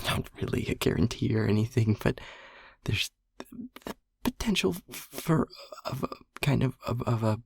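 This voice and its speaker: A man voicing a shy, anxious male air elemental in an audio role-play, stammering and hushed as he rambles. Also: fairly low pitch, creaky, husky, dry recording, studio quality. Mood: nervous rambling. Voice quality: stammering, halting, repeats words.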